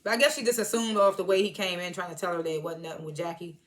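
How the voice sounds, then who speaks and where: A woman's voice: on the low side, fairly even intonation, very fast, a bit bright. A woman casually recapping a TV episode, chatty and slangy as she retells scenes. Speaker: TV show reviewer.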